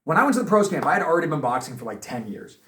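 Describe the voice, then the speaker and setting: A man's voice: fairly high pitch, rapid-fire, recorded from a distance. Man in his thirties, echoey and off-mic. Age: 30s. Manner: lively storyteller, chatty with frequent fillers. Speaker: boxing coach, guest. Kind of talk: casual podcast conversation.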